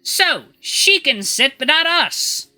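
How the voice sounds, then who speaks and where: A man's voice: extremely high pitch, expressive, normal speed, pushed and bright, faint music behind, voice pushed up, heavily acted. A man voicing an entitled, spiteful female wolf elder who speaks in a haughty, indignant way.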